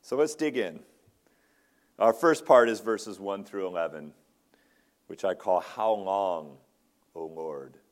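A man's voice: low-pitched, slow pace, long pauses. A man, a ruling elder, preaching an earnest expository sermon in a church, often restarting his phrases. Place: church sanctuary.

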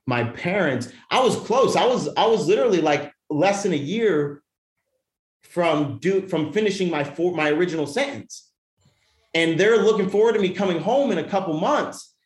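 An animated man tells his story as a podcast guest, cursing freely and often breaking off to restart his thoughts. His voice sits a bit high for a man and rings in a roomy, echoing space. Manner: animated, profane, many restarts. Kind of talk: casual storytelling. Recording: roomy echo.

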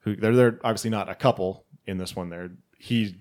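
A man's voice: on the low side, fairly even intonation, a little fast, a little mellow. A man on a casual podcast recapping a film plot, rambling with lots of fillers. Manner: rambling, filler-heavy, laughs often.

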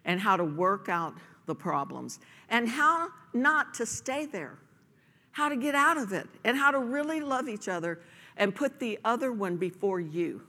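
Bright-voiced woman preaching in a hall. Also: mid-range voice. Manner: earnest, emphatic preaching with rhetorical questions. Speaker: pastor. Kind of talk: sermon. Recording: long hall reverb.

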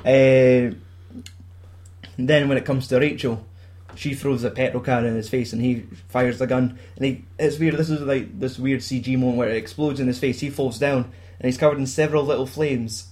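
A man's voice: mid-range voice, steady tone, normal speed, darkish tone. A Scottish man casually retelling a film plot, swearing a lot and acting out the characters' lines.

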